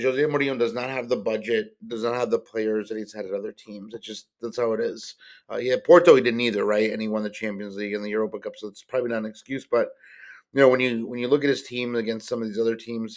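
A fast-talking man with a lowish, steady, somewhat dark voice hosts a casual solo sports-card podcast about soccer players. He wanders in his talk, leans on fillers, and frequently corrects himself.

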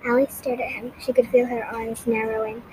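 A woman reading a novel aloud with steady, clear storytelling. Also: fairly high pitch, a little fast, background noise. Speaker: audiobook reader.

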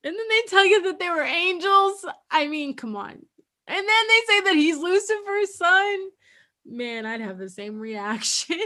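A young woman giving chatty, excitable commentary as she reacts to a TV show, laughing often. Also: extremely high pitch, unhurried.

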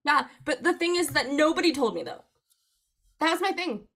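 A young woman telling a long personal story in casual chat, animated, laughing often and filling her speech with "like". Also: sits high, moderate pace, vocal fry. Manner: animated, laughing, frequent "like" fillers.

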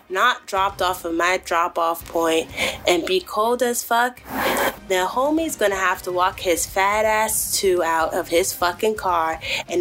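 Animated, profane woman telling a story. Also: fairly low pitch. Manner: animated, profane, addresses listeners as guys and y'all. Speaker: podcast host. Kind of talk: casual storytelling monologue.

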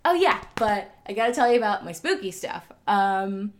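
A woman's voice: medium pitch, lively intonation, moderate pace, slight background noise. A woman, a podcast guest, telling a story in casual chat with lots of "like" fillers. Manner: chatty, many "like" fillers.

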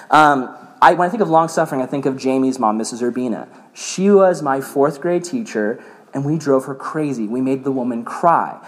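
A young man giving a casual sermon to a youth group, telling stories in an animated way with many filler "like"s. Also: mid-range voice, moderate pace. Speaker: youth pastor. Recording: reverberant hall.

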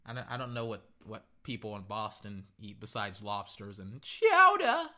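A man giving casual, rambling live reactions to a football game as a fan commentator, getting excitable and repeating himself. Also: on the low side, moderate pace.

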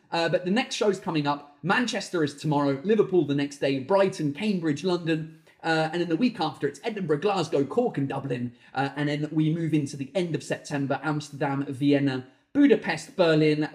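His voice leans high as he rants through exasperated tales on his comedy podcast. The man swears freely in this lively comic monologue, recorded in the echoing room of his garden home office.

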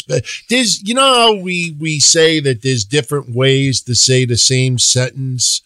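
A man's voice: mid-range voice, unhurried, hardly any pauses, sharp tone, no echo. A man co-hosting a podcast, giving blunt, opinionated wrestling takes in casual chat, swearing freely and acting out quotes. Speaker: podcast co-host.

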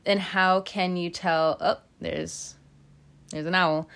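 A woman giving a casual tarot reading to her viewers. She is gentle and tearful, often laughs and breaks off mid-sentence. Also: lowish voice, steady tone, takes it slowly, vocal fry, smooth. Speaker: tarot reader.

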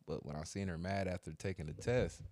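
A man's voice: deep voice, steady tone, brisk, a little mellow, a little hiss or hum. A middle-aged man telling stories in casual, slangy, profane chat. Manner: laid-back storytelling, slangy and profane.

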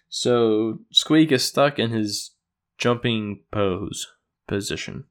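A man's voice: on the low side, slow pace, fairly bright tone. A man casually recapping episodes of a show, rambling, correcting himself and chuckling as he goes. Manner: rambling, self-correcting, chuckles at own retelling.

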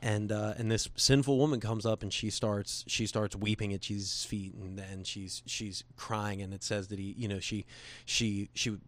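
A man's voice: on the low side, steady tone, moderate pace, fairly bright tone. A man earnestly telling a personal faith story in casual conversation, rambling with restarts and slipping into quoted voices.

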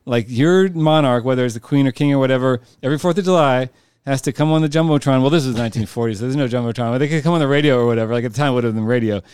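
A man riffs through a joking podcast conversation at a rapid clip, full of fillers and frequent laughter. His voice is crisp and resonant. The sound is dry and close, with no room echo. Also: mid-range voice, darkish tone. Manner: rambling, laughs often, many fillers. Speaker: podcast co-host. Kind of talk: casual comedic chat.

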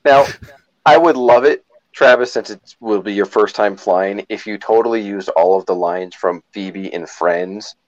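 A man from Louisiana co-hosting a podcast in casual group chat, animated and quick to act out bits. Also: lowish voice, highs cut off. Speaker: podcast co-host.

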